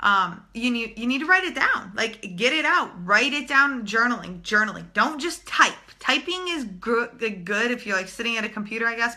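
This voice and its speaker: Blunt bright-voiced woman. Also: medium pitch. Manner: blunt, swears freely, animated. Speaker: spiritual channeler. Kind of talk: casual live-stream talk to viewers.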